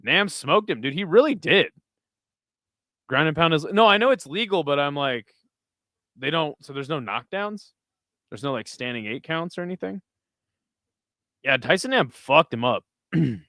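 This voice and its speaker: Male streamer, watch-party host, smooth clear voice, close dry mic, foul-mouthed banter with chat. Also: fairly high pitch, pushed and bright, no room sound. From United States. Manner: crude, joking, chatting with viewers between fight calls. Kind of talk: casual live-stream commentary.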